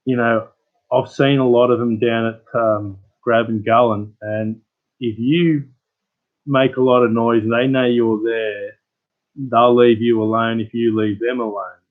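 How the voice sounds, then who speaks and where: A man's voice: mid-range voice, fairly even intonation, a little slow. Laid-back Australian man, phone-like sound. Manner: rambling, laid-back storyteller. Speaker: channel host. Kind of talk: casual chat with live viewers.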